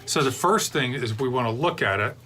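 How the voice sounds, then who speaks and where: A man's voice: mid-range voice, lively intonation, a little fast, pushed and bright, slight background noise. A middle-aged man hosting a beer review show, chatting casually and drifting off into long digressions. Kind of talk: rambling casual chat.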